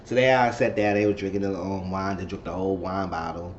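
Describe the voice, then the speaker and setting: A man's voice: low voice, fairly even intonation, brisk, muffled recording, slight background noise. A man casually recapping a TV episode, chatty and rambling, acting out the quotes as he goes. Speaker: TV episode reviewer.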